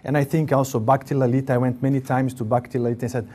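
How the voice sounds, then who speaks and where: A man with an Italian accent, a guest recalling his life with his teacher, speaking in halting, repeated starts with a laugh now and then. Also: medium pitch, little pitch movement, mellow, husky. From Italy. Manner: halting, restarts often, laughs as he tells stories. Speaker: interview guest. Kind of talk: casual spiritual reminiscence.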